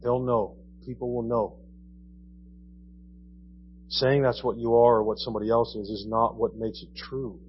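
A man's voice: medium pitch, little pitch movement, normal speed, pauses often, dull audio, slight background noise. Man preaching with rhetorical questions. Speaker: pastor. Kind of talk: sermon. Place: church.

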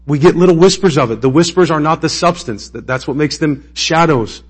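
A man's voice: fairly high pitch, fairly quick, husky. A man preaching a sermon in a conversational, emotional way that rises to impassioned peaks. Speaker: pastor.

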